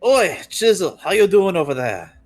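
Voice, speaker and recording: A player voicing a brash young male hunter who calls out loudly with a rough British-style twang. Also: medium pitch, huge pitch swings, moderate pace, pitched above the performer's own voice. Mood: loud, hearty.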